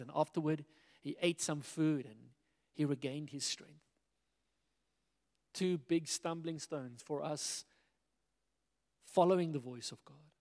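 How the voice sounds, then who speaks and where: A man preaching a sermon in a lively way, acting out the dialogue of biblical figures as he retells the stories. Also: a little high. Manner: animated, acts out biblical dialogue in quoted voices. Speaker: pastor. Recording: long hall reverb.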